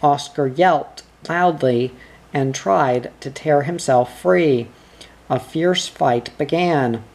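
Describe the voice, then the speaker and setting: A narrator reading a children's storybook aloud at a slow, deliberate pace. The delivery is careful and measured. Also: mid-range voice, a little mellow.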